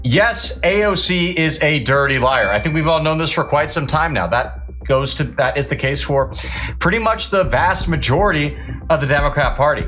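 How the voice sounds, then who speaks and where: A blunt, scornful male commentator delivers his take on the news. His voice sits a bit high for a man. Faint music plays underneath. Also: fairly bright tone. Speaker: commentary host.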